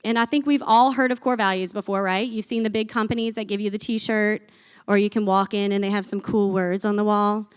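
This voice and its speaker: A woman, giving an energetic, chatty business talk from a conference stage before an audience. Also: mid-range voice, a little fast, smooth. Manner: energetic, chatty, uses folksy phrases. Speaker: conference speaker.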